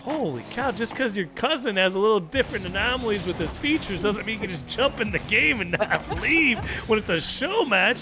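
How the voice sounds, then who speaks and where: A man's voice: sits high, very animated, moderate pace, over music. An American man hosting a stream, chatting loosely as he watches a game, stammering, repeating himself and laughing often. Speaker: streamer host. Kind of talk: casual chat while watching a game.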